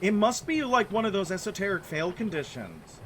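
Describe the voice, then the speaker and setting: A man's voice: high-pitched, big pitch swings, moderate pace, slight background noise. A young man giving let's play commentary, ranting in exasperation and repeating himself. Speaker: video game player.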